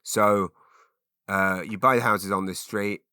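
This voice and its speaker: A man rambles through a solo podcast, making self-mocking asides and restarting his sentences. His voice is bright and forceful, recorded close and dry with no room sound. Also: on the low side, steady tone, slow pace, smooth, no echo. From Britain. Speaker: podcast host. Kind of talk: casual solo podcast monologue.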